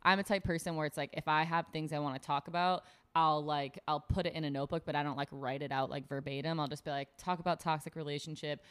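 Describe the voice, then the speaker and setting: A woman's voice: deep voice, fairly even intonation, fast, hardly any pauses, fairly bright tone, smooth. A woman stand-up comic chatting on a podcast, blunt and profane, saying "like" constantly and acting out quotes. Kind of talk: casual podcast chat.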